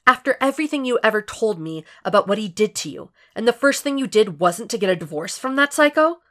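Woman reader doing a fed-up young dad, low and pushy, storybook reading. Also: lively intonation, normal speed, natural voice. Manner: confrontational, pushing hard. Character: hurt, angry young man, a father.

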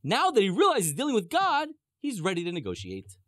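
Animated man teaching scripture. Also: sits high, a little fast, dry recording. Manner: emphatic, rhetorical questions, playful asides. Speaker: religious teacher.

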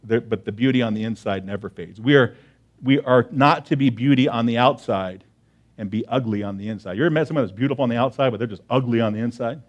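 A man's voice: medium pitch, fast talker, highs cut off. A man preaching a sermon to his congregation in a conversational way, often checking in with "right?" and repeating key phrases for emphasis. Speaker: pastor.

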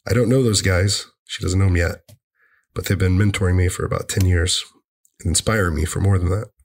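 A man sharing a personal story in an earnest, halting way, often repeating himself. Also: low voice, little pitch movement, slight background noise.

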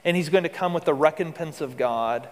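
Pastor guy preaching, earnest and chatty, kinda high voice, long hall echo. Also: brisk. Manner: earnest, conversational preaching with rhetorical questions. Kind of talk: sermon.

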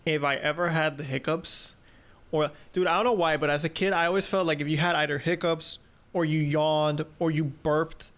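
A young man with a notably high voice chats casually with his friends. He is laid-back and likes to tease. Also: steady tone, moderate pace, fairly bright tone. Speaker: podcast co-host. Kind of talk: casual chat.

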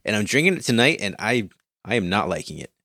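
A man's voice: lowish voice, big pitch swings, fast talker, sharp tone, no room sound, clean studio sound. A man co-hosting a casual podcast, laid-back and rambling, chuckling often as he talks. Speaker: podcast co-host.

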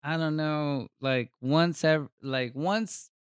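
A man in loose conversation, rambling and joking with lots of fillers and false starts. His voice is smooth and resonant, and it sounds close and dry with no room echo. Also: on the high side, takes it slowly. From Florida. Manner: rambling, jokey, with frequent fillers and restarts. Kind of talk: casual chat.

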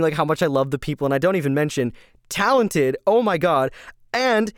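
A fairly high, smooth male voice spills over with excitement in a casual podcast ramble. He gushes, laughs often and piles up fillers and restarts. The sound is dry and close. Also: dry recording. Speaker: podcast host.

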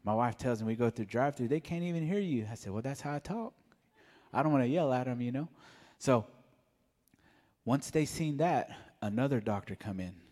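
A man giving a mellow, soft-spoken personal testimony at church. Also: mid-range voice, lively intonation, normal speed, long reverb tail. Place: church sanctuary.

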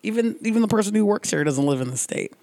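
A woman's voice: mid-range voice, animated, fast, mellow, no room sound. A woman co-hosting a podcast in casual chat, chatty, laughing often and full of fillers.

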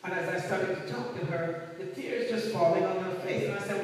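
High-voiced preacher in an echoey hall. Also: male voice, a little fast. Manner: emphatic, repeats key words. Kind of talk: sermon. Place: church sanctuary. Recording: echoey church hall, distant mic.

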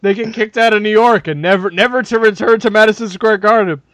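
A man with a high voice tells a story with animated energy, swearing freely and laughing mid-sentence. His voice is recorded dry and close, with no room sound. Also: fairly quick, dry recording, highs cut off. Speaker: podcast co-host. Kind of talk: casual comedic storytelling.

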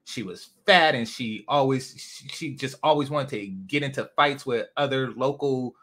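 A man's voice: mid-range voice, moderate pace, a bit bright. A man from California hosting a casual livestream, ranting bluntly with lots of profanity and rambling asides. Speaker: host.

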